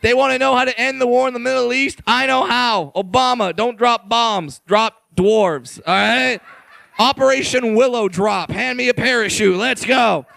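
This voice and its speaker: Young male stand-up comic, very high gravelly voice, bright and punchy, crude and loud, dry close sound. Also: normal speed, dry recording. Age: 20s. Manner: brash, crude, shouted punchlines. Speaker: stand-up comedian. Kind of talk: stand-up comedy set.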